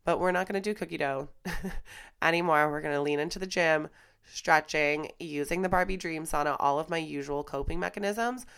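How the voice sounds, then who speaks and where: A woman's voice: low-pitched, moderate pace, gravelly, fairly bright tone, clean tone. A young woman, a fitness instructor hosting a podcast, talking candidly into a microphone in a stuffy, congested voice, raw and emotional, with casual swearing. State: stuffy and congested from crying and flu. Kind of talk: candid personal monologue. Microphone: studio microphone.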